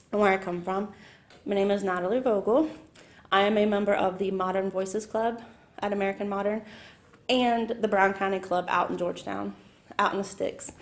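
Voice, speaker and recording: A woman gives a short, friendly talk as a visiting club director. She speaks in a mid-pitched voice with a modest, self-effacing manner and light laughs, from a club meeting room.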